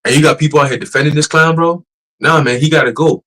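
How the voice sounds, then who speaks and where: A man teaching casually on a church livestream, profane and animated, laughing and mocking as he talks. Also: a little high, quick pace, rough recording.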